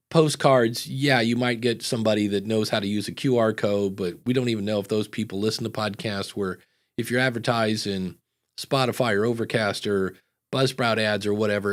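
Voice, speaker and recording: A man's voice: lowish voice, steady tone, normal speed. A man hosting a podcast, reading out chat comments and chatting casually with many fillers. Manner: loose and rambling, many fillers. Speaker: podcast host.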